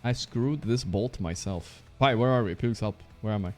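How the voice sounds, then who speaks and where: A male streamer chatting casually while he plays, excitable and trash-talking, swearing often. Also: lowish voice, normal speed, faint music behind. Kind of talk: casual live-stream chat while playing.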